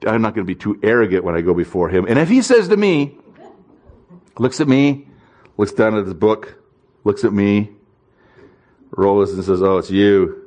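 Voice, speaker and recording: A pastor with a lowish, darkish voice preaches in a relaxed, conversational way, speaking at a moderate pace with long pauses. He's very animated, telling stories with self-deprecating humor and acting out the voices of the people in them.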